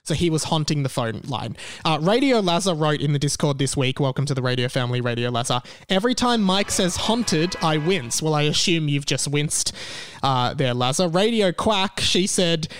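A man's voice: on the high side, animated, moderate pace, fairly bright tone, clear, resonant tone, no echo. A young Australian man hosting a casual solo podcast from his bedroom, rambling and correcting himself often. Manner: rambling and self-correcting, with many fillers. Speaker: podcast host. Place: bedroom in a share house.

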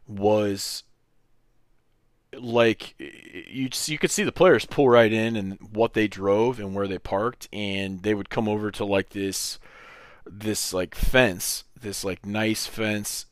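A man in his thirties hosting a podcast, telling a long personal story in a casual, animated way and acting out the other people's lines. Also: on the low side, dry recording, clean studio sound. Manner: animated storyteller who acts out quoted voices, swears freely. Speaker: podcast host.

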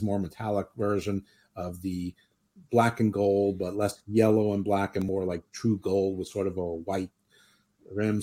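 A man's voice: on the low side, dark tone. A man hosting a podcast in casual chat, opinionated and rambling, often restarting his sentences. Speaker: podcast host.

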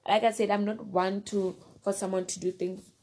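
A woman's voice: medium pitch, level tone, normal speed, darkish tone. A woman casually telling a personal story, rambling and repeating herself, often turning to the listener directly. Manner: rambling, repeats phrases and fillers.

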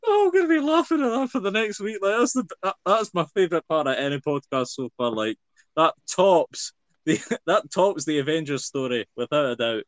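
A man's voice: on the high side, very animated, fairly quick, dry recording. A man with a Scottish accent co-hosting a podcast, teasing and laughing often in casual chat. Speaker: podcast co-host.

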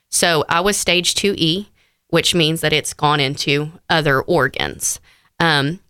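Bright, clear woman telling her story. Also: low voice, no room sound, studio quality. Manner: heartfelt storytelling, frequent fillers. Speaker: interview guest. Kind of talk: personal story in conversation.

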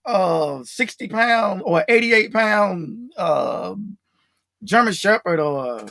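A podcast host chatting casually, animated and laughing a lot, with drawn-out exclamations. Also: medium pitch, no room sound. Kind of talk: casual chat.

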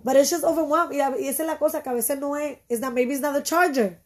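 A middle-aged woman with a high voice chats casually, moving back and forth between English and Spanish. She talks with animation and acts out little scenes from home. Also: fairly even intonation, very fast. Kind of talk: casual bilingual chat.

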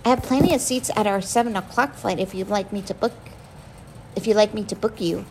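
Storybook gate agent, polite and sorry, gravelly voice, read by a woman. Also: mid-range voice, a little mellow, a little hiss or hum, natural voice, rough recording. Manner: polite, apologetic, slow. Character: apologetic female airport gate agent.

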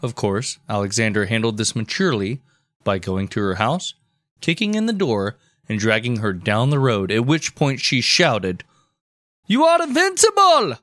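Podcast co-host, man, deadpan comic history narrator, dry close mic. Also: lowish voice, normal speed, no room sound.

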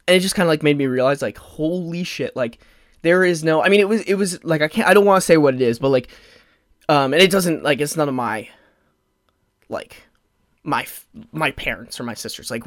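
A man's voice: medium pitch, no echo. A man in his twenties hosting a solo podcast, rambling with constant "like" fillers and restarts, openly emotional. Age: 20s. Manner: rambling, heavy use of "like" fillers, frequent restarts; emotional, openly close to tears at times. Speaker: podcast host. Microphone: podcast microphone.

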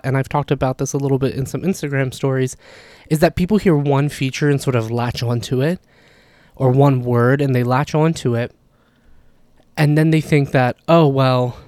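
A man's voice: mid-range voice, normal speed, no room sound. Chatty man explaining language points. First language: not Arabic. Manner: relaxed, chatty, frequent "like" and "you know" asides. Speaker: language teacher. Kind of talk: casual explanatory lesson.

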